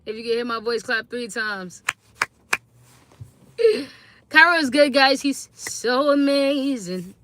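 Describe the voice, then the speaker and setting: A woman's voice: a little high, lively intonation, takes it slowly, long pauses, fairly bright tone, slight background noise. A tired woman talking casually to viewers on a phone live stream, chatty and slangy, greeting them again and again. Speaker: livestreaming mom.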